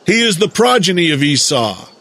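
A man delivering a slow, deliberate lecturing monologue, drawing out words for emphasis. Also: a little high, sing-song, vocal fry, a bit bright. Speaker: speaker giving a monologue lecture.

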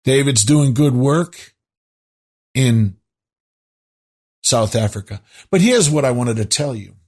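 A man with a husky, slightly breathy voice hosts his own show. He talks to his listeners in a loose, rambling monologue full of asides and restarts. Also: mid-range voice, lively intonation, slow pace, darkish tone. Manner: rambling, conversational, many asides. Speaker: show host.

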